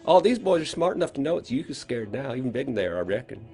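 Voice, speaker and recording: A man voicing a slow, confident country schoolgirl with a rural Southern accent, sly and teasing. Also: fairly low pitch, expressive, soft background music, pitched above the performer's own voice. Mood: taunting. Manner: drawling, teasing, quietly menacing.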